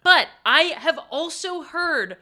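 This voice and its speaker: Young female co-host, emphatic and animated, bright voice. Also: sits high. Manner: emphatic, fast fan talk. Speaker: podcast co-host. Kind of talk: casual chat.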